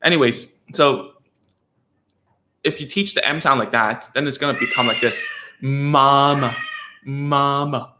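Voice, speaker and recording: A mid-range male voice moves at a moderate pace, leaving long pauses, in a reverberant setting with background noise. He's a speech therapist addressing parents informally, drifting along with frequent fillers and "okay?" tag questions.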